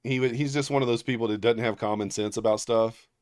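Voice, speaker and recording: A man's voice: medium pitch, steady tone, fast, darkish tone, clean tone, dry recording, studio quality. A man hosting a livestream, chatting casually with viewers, rambling through stories with lots of fillers and restarts and reading viewer names aloud. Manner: reads viewer names aloud and thanks them. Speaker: livestream trading host.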